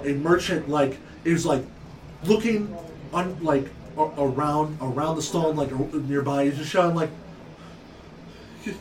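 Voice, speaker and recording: A young man runs a tabletop game, narrating in stops and starts with many fillers. His voice moves up and down a lot and sits slightly high. He is recorded from a distance. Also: a little hiss or hum. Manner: halting, filler-heavy narration. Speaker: game master.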